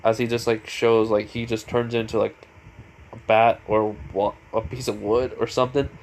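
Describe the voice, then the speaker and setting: A man's voice: fairly low pitch, flat delivery, moderate pace, a little hiss or hum. A man casually retelling a fan story, rambling with lots of fillers and restarts.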